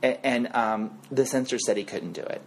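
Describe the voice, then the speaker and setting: A middle-aged man, an actor, telling animated stories as a guest in a casual podcast interview on a studio mic. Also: normal speed, slight background noise. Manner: animated, expressive storyteller who swings his pitch.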